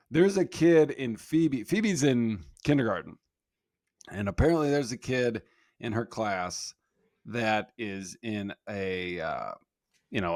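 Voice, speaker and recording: A man's voice: medium pitch, dry recording, studio quality. A man in his thirties co-hosting a comedy podcast, telling a family story in casual chat and acting out the quoted lines. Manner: animated storyteller, acts out quotes in raised voice. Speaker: podcast co-host.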